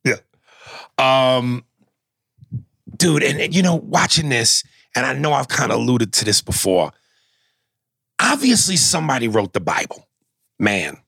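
A man co-hosting a casual talk show, retelling a film scene with lively, animated delivery. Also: mid-range voice, measured pace, gravelly, pauses often, husky, dry recording, studio quality. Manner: animated storytelling, acting out scenes in mimicked voices. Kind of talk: casual chat.

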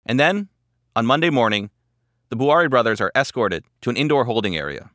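Male host, scripted narration, measured and dramatic, bright tone. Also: mid-range voice, expressive, no echo, studio quality. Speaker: podcast host.

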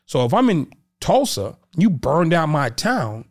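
A man from the Boston area talks as a podcast guest in an easy, conversational way. His voice sits slightly high and moves through a wide, lively range. He often slips into the voices of the people in his stories. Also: a little slow. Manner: animated, acts out quotes of others. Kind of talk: casual conversation, storytelling.

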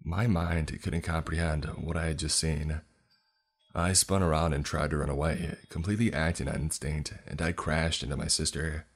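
A man reading a scripted horror story in a tense, measured way. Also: extremely low pitch, level tone, breathy edge. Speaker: narrator. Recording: faint music underneath.

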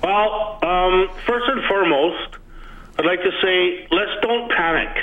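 Male caller, higher voice, hesitant, filler-heavy, phone-line sound. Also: slow. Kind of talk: call-in radio question.

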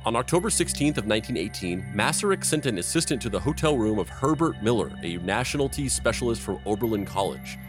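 A man hosting a history podcast, narrating events and slipping into deadpan absurd jokes. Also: on the low side, fast talker, hardly any pauses, music in the background.

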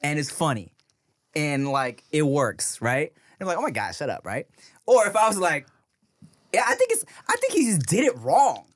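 A man co-hosting a podcast, reacting to a story and chiming in with quick comments in casual chat. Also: fairly high pitch, huge pitch swings. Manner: responsive listener, short reactions and quick comments. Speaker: podcast co-host. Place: podcast studio.

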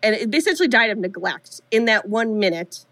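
A woman's voice: on the high side, expressive, fairly bright tone, no echo. A woman co-hosting a podcast live, chattily retelling a movie's plot scene by scene. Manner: chatty, retells scenes with quick quoted voices. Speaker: podcast co-host. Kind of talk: casual movie recap. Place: live show venue.

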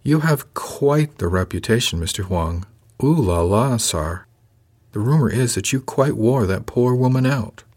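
A man voicing a sharp-witted young female crew member who teases with a mock-innocent manner. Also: fairly low pitch, expressive, fast. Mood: sly teasing.

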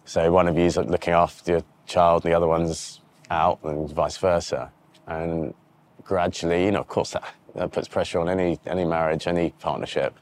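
Low-voiced man, reflective and halting. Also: steady tone, a little mellow, a little hiss or hum. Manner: reflective, halting, with frequent restarts. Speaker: interview guest, TV presenter. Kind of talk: candid conversational interview. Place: outdoors by a river.

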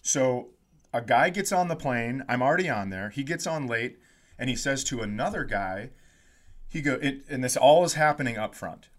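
A man hosting a comedy podcast, telling a story in a casual, animated way and acting out what people said. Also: medium pitch, normal speed. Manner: animated storyteller, acts out quotes, laughs often.

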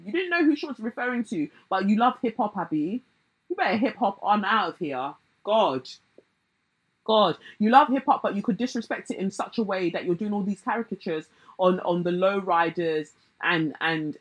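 Husky woman, blunt and sarcastic. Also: mid-range voice, normal speed, highs cut off. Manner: blunt, sarcastic, mocks others in put-on voices. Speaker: commentator. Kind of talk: casual pop-culture commentary.

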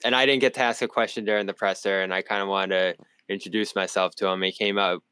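A man's voice: low voice, fast talker, clean tone, no echo. A man with a Boston accent, a sports reporter talking basketball in a casual postgame show, telling stories with laughter. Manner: animated storyteller, laughs often. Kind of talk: casual postgame podcast chat.

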